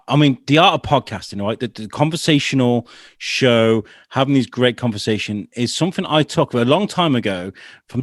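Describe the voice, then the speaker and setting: In a clean studio recording with no room sound, a mid-pitched man co-hosts a podcast. He chats casually and tells stories with animation, performing the quotes as he goes.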